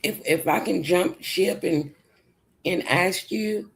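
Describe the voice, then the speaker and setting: A woman with a Southern country accent hosts a casual livestream. She rambles loosely and answers her chat as she goes. Her voice is low, gravelly and sleepy-sounding, and she speaks at an unhurried, drawn-out pace. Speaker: livestream host.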